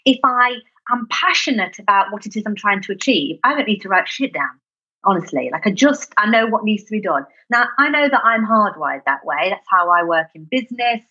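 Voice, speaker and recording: A woman with a northern British accent speaks with a bright, sharp tone and a very animated rise and fall in her voice. Her voice is a little husky, and the recording sounds slightly lo-fi and dull. She is an energetic, emphatic podcast guest. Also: mid-range voice, fairly quick. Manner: energetic, emphatic, self-deprecating. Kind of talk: casual interview chat.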